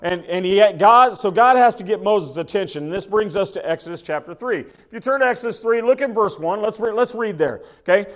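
A man's voice: high voice, animated, a little fast, hardly any pauses. A man from preaching a sermon in a folksy, conversational way, often restarting his phrases. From Oklahoma. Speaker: pastor.

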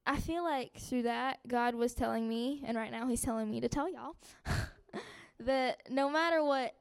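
A young woman giving a personal testimony to a church group, soft and halting, with many fillers and sighs. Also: on the high side, gravelly, clean tone.

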